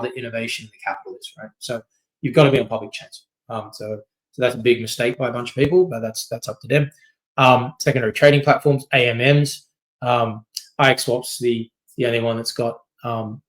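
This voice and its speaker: A man giving a long, informal presentation, speaking in quick loose bursts. He leans on fillers and keeps checking in with "right?". His voice sits at an ordinary middle pitch for a man. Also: rough recording. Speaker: company CEO giving a masterclass. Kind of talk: casual presentation talk.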